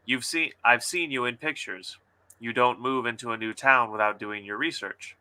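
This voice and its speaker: A man's voice: mid-range voice, normal speed, sharp tone, rough recording. A man reading a calculating male stranger from a novel, in a voice close to his own. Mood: feigned nonchalance. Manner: read aloud in a near-plain voice.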